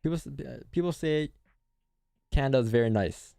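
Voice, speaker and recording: A man's voice: mid-range voice, moderate pace, vocal fry, warm tone, no room sound, clean studio sound. A man hosting a live trading stream, chatting casually with viewers and answering chat in loose, slangy talk. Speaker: forex day-trading streamer.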